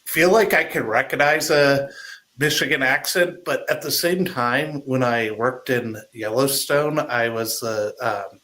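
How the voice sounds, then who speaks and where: A man's voice: mid-range voice, measured pace, bright, forceful tone. A young man telling a story in a casual podcast chat, laughing easily.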